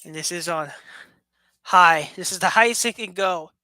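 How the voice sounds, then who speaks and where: A woman's voice: on the low side, normal speed, pushed and bright, dry recording. A woman vlogging in a casual chat to her webcam at home, playful and rambling, laughing often and joking sarcastically. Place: room at home with a fast fan running.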